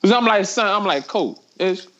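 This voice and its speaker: A young man telling a story in casual chat, animated and profane, laughing as he talks. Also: sits high, normal speed, dull audio.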